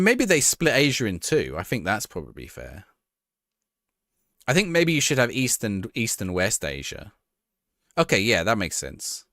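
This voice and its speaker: A man's voice: on the low side, fairly bright tone, dry recording, clean studio sound. A man streaming a football management game live, reacting to the action and chatting with his viewers.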